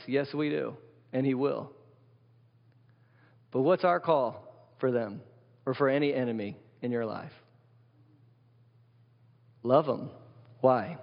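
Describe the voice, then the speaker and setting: A male pastor delivering a sermon in a conversational style, often putting questions to the congregation, recorded in a church. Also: medium pitch. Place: church sanctuary. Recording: long hall reverb, dull lo-fi sound.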